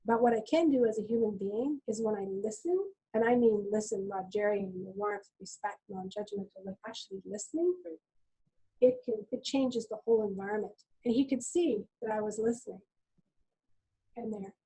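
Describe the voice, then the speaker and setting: A middle-aged woman nurse speaking as a webinar guest, calm and reflective, telling stories from her work. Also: mid-range voice, normal speed, husky, rough recording. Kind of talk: conversational webinar talk.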